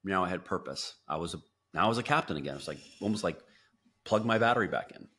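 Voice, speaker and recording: Deep-voiced man telling a story. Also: fast, slightly rough. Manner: animated storyteller, acts out quotes, frequent restarts. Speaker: podcast guest. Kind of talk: storytelling interview.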